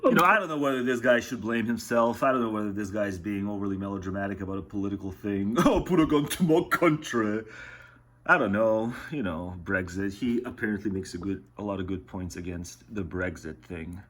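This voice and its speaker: A man's voice: lowish voice, a little fast, few pauses, fairly bright tone. A man giving casual reaction commentary on a radio clip, sarcastic and laughing often.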